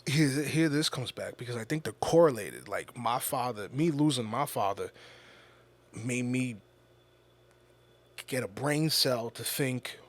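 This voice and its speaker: Man musing in a halting, reflective way. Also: medium pitch, lively intonation. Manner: reflective, halting, repeats words, swears often. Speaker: podcast host. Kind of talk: casual confessional monologue.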